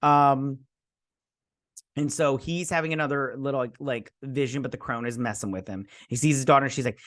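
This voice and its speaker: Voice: medium pitch, fairly even intonation, moderate pace. A host giving a casual, sarcastic recap and review of a TV episode, rambling with many fillers.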